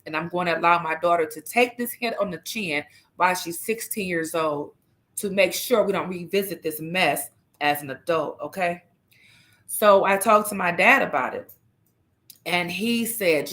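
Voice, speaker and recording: A woman's voice: lowish voice, fairly bright tone. A middle-aged woman hosting a livestream, telling a personal story in an earnest, emphatic and frank way. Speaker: livestream host.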